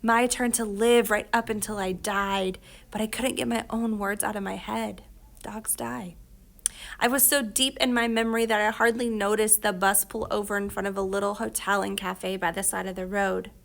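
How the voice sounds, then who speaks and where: A woman narrating an audiobook in a quiet, reflective way, sometimes dropping to a whisper. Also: medium pitch, level tone, normal speed, vocal fry.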